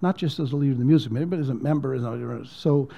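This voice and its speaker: A man's voice: medium pitch, very fast, gravelly, dark tone, muffled recording. A man preaching as a pastor in a conversational storytelling way, repeating words and dropping almost to a whisper at emotional points. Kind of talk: sermon storytelling.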